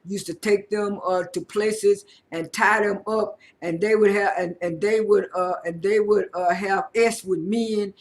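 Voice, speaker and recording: A man with a high-pitched voice recaps a reality show in a loose, casual way. He stumbles and restarts often, filling gaps with "uh" and repeated words. He retells each scene by quoting what people said. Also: fairly even intonation. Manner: halting, heavy fillers and repeated words.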